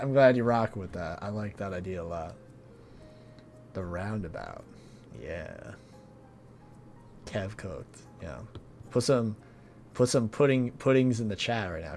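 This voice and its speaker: A young man hosting a charity livestream, chatting casually with viewers in a laid-back, slangy way that often trails off quietly. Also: lowish voice, a little slow, long pauses, faint music behind. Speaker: streamer hosting a charity stream.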